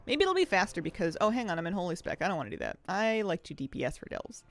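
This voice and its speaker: A game streamer talking casually from a home office, chatty and rambling and quick to laugh. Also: medium pitch, very animated, vocal fry, a bit bright. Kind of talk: casual chat while streaming a video game.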